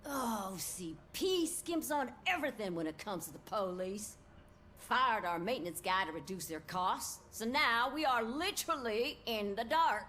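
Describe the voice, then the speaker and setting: An actress playing a no-nonsense female police officer with a Southern US accent who talks in a brisk, complaining way. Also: a little high, expressive, bright, forceful tone, a little hiss or hum.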